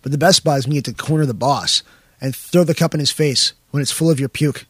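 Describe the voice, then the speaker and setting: A man's voice: fairly high pitch, quick pace, husky, no echo, studio quality. A man co-hosting a podcast, rambling in a laid-back, chatty way during casual banter. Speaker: podcast co-host.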